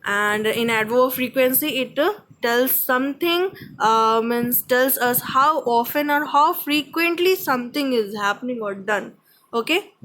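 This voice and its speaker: A woman's voice: sits high, a little slow, fairly bright tone, poor audio. A woman teacher with an Indian English accent giving a grammar lesson, explaining patiently and checking with "okay?" after each point.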